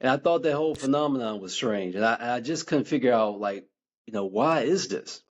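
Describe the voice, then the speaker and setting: Measured male guest author, dull lo-fi sound. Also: mid-range voice, lively intonation. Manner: measured, many "you know" asides. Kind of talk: reflective interview talk.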